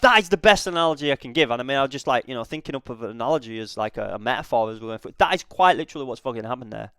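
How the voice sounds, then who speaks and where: Animated, swearing man. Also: medium pitch, very fast, clear, resonant tone, dry recording, clean studio sound. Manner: animated, swearing, many restarts. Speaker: reaction video host. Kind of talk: casual commentary.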